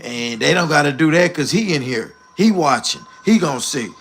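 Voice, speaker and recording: A man's voice: a little high, expressive, moderate pace, fairly bright tone, breathy edge. A man hosting a livestream, bluntly ranting and lecturing his viewers directly. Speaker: livestream host. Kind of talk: live commentary rant.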